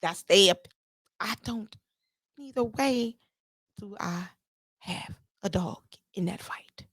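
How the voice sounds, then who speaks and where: A woman hosting a podcast, telling a story in a casual, animated monologue and repeating herself for emphasis. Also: medium pitch, takes it slowly, slightly rough, dry recording, studio quality. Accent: playful put-on Jamaican-style lilt at times. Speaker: podcast host.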